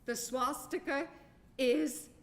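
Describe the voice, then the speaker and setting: A woman school board member making a firm, reproachful statement at a meeting, pressing each point with measured emphasis. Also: high voice, creaky, fairly bright tone.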